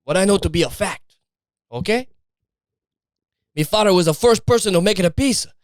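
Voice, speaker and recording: A man's voice: high voice, lively intonation, fairly quick, dry recording, studio quality, voice pushed up. A man putting on a fake Italian accent to play a boastful Italian man who insists his family invented famous dishes. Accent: put-on Italian. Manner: insistent and grandiose, brushes off doubt.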